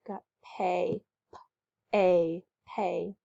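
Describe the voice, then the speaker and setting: A woman teacher reading a chapter book aloud and pausing to explain word sounds in a chatty, encouraging way. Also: medium pitch, big pitch swings, creaky, mellow. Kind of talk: reading aloud with phonics pointers. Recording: muffled lo-fi recording.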